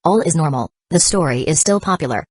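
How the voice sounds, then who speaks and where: A woman's voice: low voice, expressive, brisk, darkish tone, slightly rough, no echo, studio quality. Glenda, a blunt female ghost, read by a woman.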